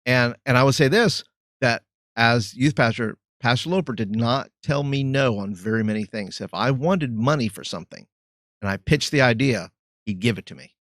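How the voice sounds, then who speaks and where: A youth pastor speaking as a podcast guest, reflective and measured, often pausing with ums as he searches for the right word. His voice sits in a middle pitch and sounds close and dry. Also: expressive, fairly bright tone, no room sound. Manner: thoughtful, searching for words with ums and uhs. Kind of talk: reflective interview talk.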